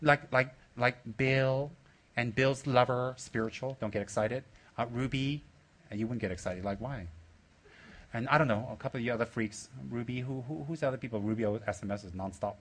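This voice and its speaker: Fairly quick and medium in pitch, a man addresses his students as their spiritual teacher in a teasing, meandering talk. He jokes and mocks them good-naturedly, laughs often, erupts in loud excitement, and draws them out by asking questions.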